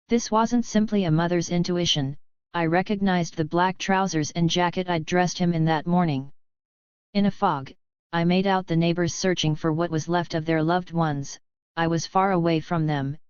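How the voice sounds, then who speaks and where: A woman reads first-person testimony aloud in a slow, grave, steady audiobook style. Her voice sits low and sounds smooth and clear. The recording is dry and slightly dull, with a lo-fi edge. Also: no room sound. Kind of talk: measured audiobook reading.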